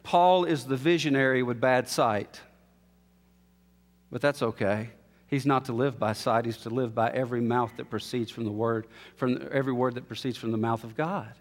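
A man preaching an expository sermon, building to emphatic peaks and then dropping low and quiet. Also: normal speed. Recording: long reverb of a large hall.

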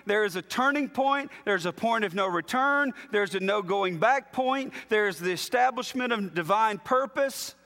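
A man preaching an expository sermon, emphatic, dropping low and slow on key phrases. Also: sharp tone. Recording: long hall reverb.

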